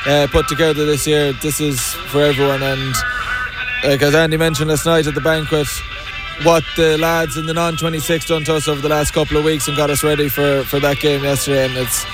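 A young Irish man from Mayo answers questions in a halting, modest way. His voice stays flat and slightly high, and very loud music plays behind him. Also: poor audio. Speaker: footballer interviewed.

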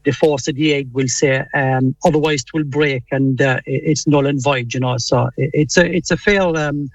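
A man's voice: mid-range voice, fairly even intonation, normal speed, no echo. A middle-aged man from Cork with a strong Cork accent, a hesitant, friendly radio guest calling in, full of restarts and fillers. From Cork, Ireland. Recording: dull phone-line sound.

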